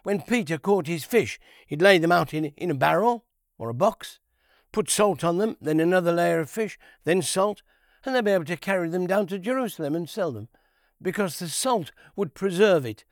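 A man giving a conversational Bible teaching, unhurried, repeating key phrases and asking rhetorical questions. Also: sits high, expressive, no room sound, studio quality.

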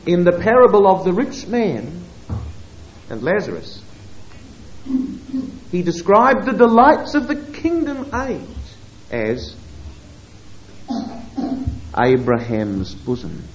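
A man preaching a sermon, moving between quiet asides and emphatic, drawn-out scripture quotations. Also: sits high, poor audio. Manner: expressive, swings between hushed asides and emphatic quoting.

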